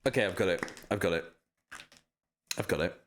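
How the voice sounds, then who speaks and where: A man's voice: low-pitched, moderate pace, fairly bright tone, a little hiss or hum. A man chatting casually on a live stream while signing prints, self-deprecating and swearing often.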